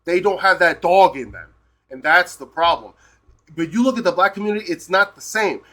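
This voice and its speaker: On a live stream, a man from the US rants in an expressive, high voice with a sharp tone, talking a little fast. He curses heavily and keeps repeating "right?" after his points in a heated way.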